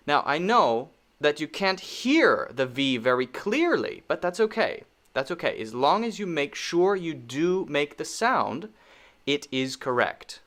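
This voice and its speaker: Male pronunciation teacher, slow and deliberate, mid-pitched, patient, repeats every word. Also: lively intonation, fairly bright tone. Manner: patient, repeats words many times for learners.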